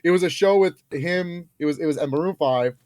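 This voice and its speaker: A man's voice: on the high side, brisk, a little mellow, no echo. A man co-hosting a podcast in casual chat, telling stories animatedly and laughing often. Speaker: podcast co-host.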